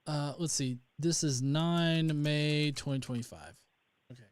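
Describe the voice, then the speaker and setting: A young man from North Alabama, USA, hosts a casual livestream, speaking unhurriedly in a voice on the high side. There's a lot of rambling, with fillers and sentences begun again.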